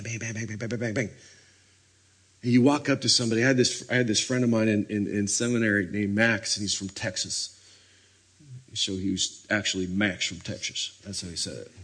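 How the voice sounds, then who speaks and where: A man preaching a sermon, telling stories with lively energy and acting out scenes. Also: on the low side, husky. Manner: animated storytelling, acting out scenes.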